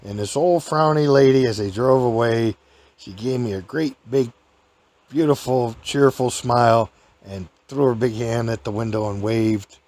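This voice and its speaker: A man's voice: mid-range voice, measured pace, darkish tone, no room sound. A man hosting a storytelling podcast, telling a rambling folksy anecdote and chuckling often.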